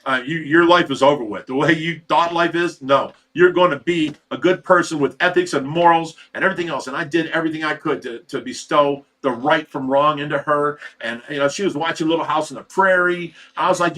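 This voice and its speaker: A man's voice: fairly high pitch, steady tone, brisk, few pauses, bright, forceful tone. A middle-aged man from Ohio hosting a livestream, telling a long personal story in a candid, rambling way with frequent restarts. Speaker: livestream host.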